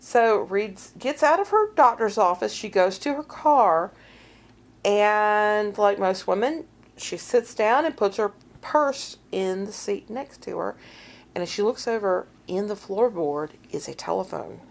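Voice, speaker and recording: A middle-aged woman co-hosting a podcast, casually telling a story and acting out quoted voices with big swings in pitch. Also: unhurried, gravelly. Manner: animated, acts out quotes with big pitch jumps. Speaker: podcast co-host.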